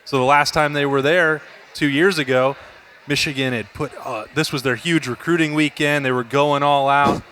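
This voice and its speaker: A man's voice: fairly high pitch, fairly even intonation, moderate pace, slight background noise. A man hosting as a sports reporter, chatting casually about a rivalry. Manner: chatty, mimics shouts when quoting.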